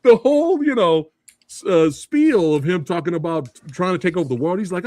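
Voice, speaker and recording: Animated, laughing man chatting about movies. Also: high voice, fairly quick, dry recording. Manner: animated, laughing often, quoting lines. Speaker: podcast co-host. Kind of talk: casual movie debate chat.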